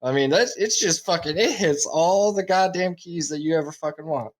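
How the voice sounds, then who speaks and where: A man's voice: on the high side, moderate pace. A man co-hosting a podcast in casual chat, wry and profane, stumbling over restarts before getting to his point. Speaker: podcast co-host.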